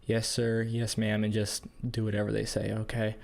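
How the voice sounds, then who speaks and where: A young man co-hosting a podcast, telling a story in casual chat, animated and quick to laugh as he acts out quotes. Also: fairly low pitch, vocal fry. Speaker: podcast co-host, police field training officer.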